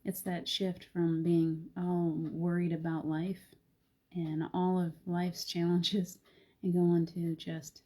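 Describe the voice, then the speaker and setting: Middle-aged female host, soft and reflective, husky, warm low tone. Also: little pitch movement, takes it slowly. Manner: gentle, reflective, soft-spoken with frequent laughs. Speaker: host of a live spiritual talk show. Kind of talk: casual live-stream chat.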